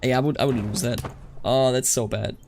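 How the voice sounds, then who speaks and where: A man streaming a strategy game, reading event text aloud and reacting loudly to what happens. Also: mid-range voice, steady tone, brisk, gravelly, a little hiss or hum. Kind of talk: live game stream commentary.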